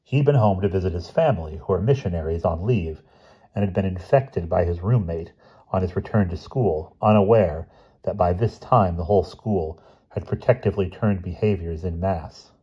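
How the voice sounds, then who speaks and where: The speaker is a male storyteller reading a short story for an audiobook. His husky voice sits very low, his pacing is calm and measured, and the audio is dull and lo-fi.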